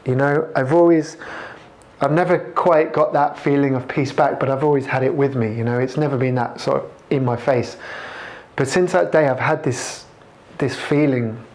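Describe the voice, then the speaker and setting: A man telling his own conversion story to a camera, halting and reflective, with many restarts. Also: mid-range voice, a little mellow. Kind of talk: personal testimony to camera.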